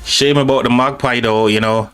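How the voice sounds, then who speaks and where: A man's voice: medium pitch, steady tone, moderate pace, fairly bright tone, clear, resonant tone, faint music behind. A man with a British accent hosting a live stream, chatting casually and reading out viewer comments, friendly and calling people mate and buddy.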